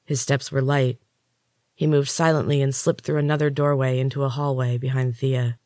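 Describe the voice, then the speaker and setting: A man, a podcast host and author, narrating his own dark fantasy story in a measured, even way. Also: medium pitch, no echo, studio quality.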